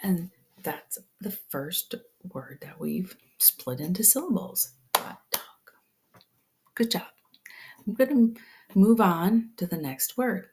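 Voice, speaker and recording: A woman teaching a phonics lesson step by step, patient and slow, often dropping to a whisper. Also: on the low side, expressive, a little mellow, slight background noise.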